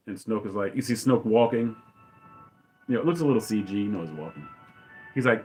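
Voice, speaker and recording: A man talks loosely and enthusiastically through a film scene, restarting sentences and dropping into short acted lines. His pitch sits in an ordinary middle range. Faint music plays behind him. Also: animated, a bit bright. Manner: rambling and enthusiastic, acts out dialogue in quick voices. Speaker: podcast host. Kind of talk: casual movie commentary.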